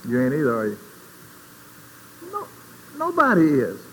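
Animated folksy preacher man, hall reverb. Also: measured pace. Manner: folksy, conversational preaching, asks the audience questions; swings between quiet asides and loud, high emphasis. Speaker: speaker giving a Christian testimony. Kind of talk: informal sermon. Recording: long hall reverb, faint background noise.

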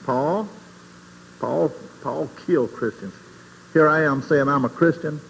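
A man giving an informal sermon in a folksy, conversational way, asking the audience questions and swinging between quiet asides and loud emphasis. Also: on the high side, unhurried, creaky. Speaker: speaker giving a Christian testimony. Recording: long hall reverb, faint background noise.

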